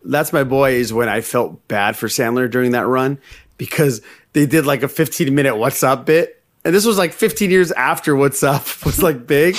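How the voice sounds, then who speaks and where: A man's voice: mid-range voice, normal speed. A man co-hosting a podcast, joking and swearing freely, laughing often in casual banter. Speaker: podcast co-host.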